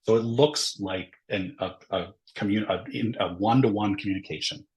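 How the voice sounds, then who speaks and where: A man's voice: on the low side, normal speed, poor audio. A man presenting a webinar lesson, explaining step by step in a conversational way and often checking in with "right?" between points. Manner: conversational, frequent "right?" tag questions; explains step by step with ums and uhs. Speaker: workshop presenter. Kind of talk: webinar lecture.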